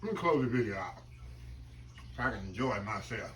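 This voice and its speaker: A man's voice: fairly low pitch, sing-song, fairly quick, fairly bright tone, a little hiss or hum. A man hosting a casual cooking vlog, talking folksy and calling his viewers y'all. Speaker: cooking channel host. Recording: kitchen with sizzling grease behind.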